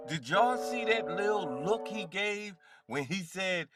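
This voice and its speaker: A man's voice: high voice, animated, unhurried, over music. A man hosting a stream, giving heated, profane reaction commentary with mocking laughter.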